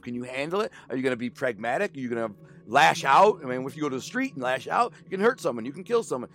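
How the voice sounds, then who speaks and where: A man's voice: a little high, a bit bright. A man in his forties telling a candid personal story in casual, slangy speech, quoting the people involved. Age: 40s. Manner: casual, slangy, emotional retelling with quoted dialogue.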